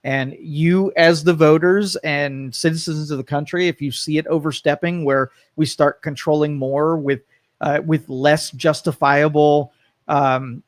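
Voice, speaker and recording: A man's voice: fairly high pitch, steady tone, unhurried, dry recording. A man co-hosting a live talk show from a studio, rambling and correcting himself as he puts pointed questions. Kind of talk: live talk radio debate.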